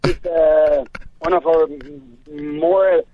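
A man with a Mexican Spanish accent, a guest actor on a phone interview, hesitant with fillers and quick to laugh. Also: a little high, fairly even intonation. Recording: tinny phone line.

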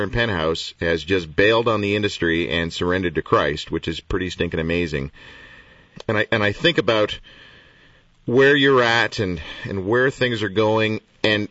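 A man hosting a radio interview, chatty and self-deprecating, talking in quick bursts. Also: lowish voice, fairly bright tone, no room sound. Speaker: radio host. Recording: dull, distant from the mic.

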